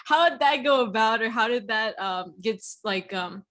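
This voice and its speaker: A woman's voice: on the high side, a little slow, fairly bright tone. A young woman co-hosting a radio show, asking questions casually, giggly and hesitant. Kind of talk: casual interview chat.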